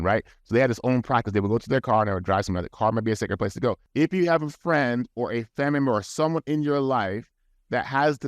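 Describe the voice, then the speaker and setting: A man's voice: medium pitch, no room sound. A man guest on a podcast, talking in an earnest, advising way with frequent restarts, recorded in a studio. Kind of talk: casual podcast talk.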